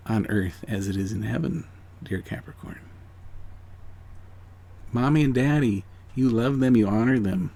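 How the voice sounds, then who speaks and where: An emotional angel card reader, a man with a medium-pitched voice, gives viewers a heartfelt spiritual reading. He is earnest and encouraging, sinking into hushed near-whispers before rising to excited emphasis, repeating phrases and frequently asking "okay?"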